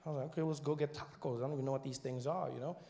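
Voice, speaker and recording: A man in his thirties with a South African accent, performing stand-up comedy and telling stories in an animated way that rises to loud punchlines. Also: medium pitch, very fast, vocal fry.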